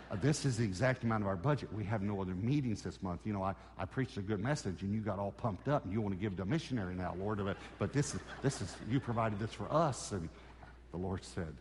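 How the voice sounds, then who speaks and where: A man's voice: on the low side, fast, darkish tone, in a large hall, a little hiss or hum. A man preaching a sermon, telling a personal story and acting out the conversations in it. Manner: storytelling, acts out dialogue with God. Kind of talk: sermon testimony.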